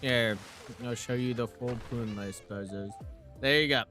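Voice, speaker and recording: A man's voice: mid-range voice, measured pace, over music. A man livestreaming a game, talking in a loose, slangy, casual way and bluntly addressing his viewers. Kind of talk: casual gaming stream chat.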